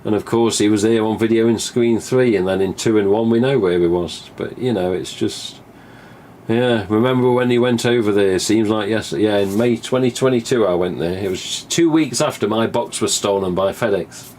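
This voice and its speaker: Man, live stream host, rambling casual talk, low voice. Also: moderate pace, a little mellow, a little hiss or hum. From England. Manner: chatty, swears casually, acts out remembered dialogue.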